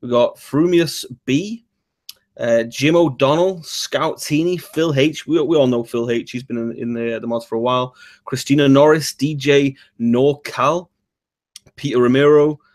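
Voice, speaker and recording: A man with a Mancunian accent reads out viewers' names as a livestream guest. He moves through the list quickly and drops brief asides between names. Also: medium pitch, a little mellow. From Manchester, England. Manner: rapid roll call, brief asides. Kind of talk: reading chat names on a livestream.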